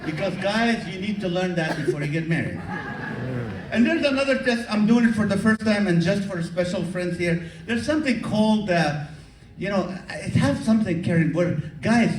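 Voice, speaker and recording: High-voiced stand-up comic in an echoey hall. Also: male voice, moderate pace, distant mic, a crowd in the background. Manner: animated, teasing audience members. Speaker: stand-up comedian. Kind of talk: stand-up comedy with crowd work. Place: live comedy show hall with audience. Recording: echoey hall taped from the audience. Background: audience laughter.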